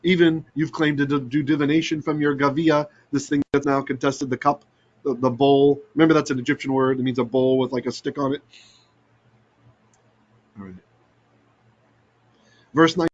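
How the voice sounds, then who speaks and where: A man teaching a Bible study in an animated way, often checking in with "right?" and mixing in Hebrew terms. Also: mid-range voice, normal speed, long pauses, lo-fi sound. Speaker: Torah teacher.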